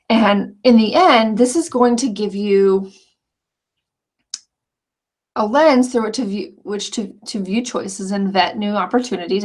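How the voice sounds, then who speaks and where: A woman teaching an online scrapbooking course, walking through the lessons in an earnest, chatty way with frequent restarts. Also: fairly high pitch. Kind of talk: casual walkthrough of course lessons.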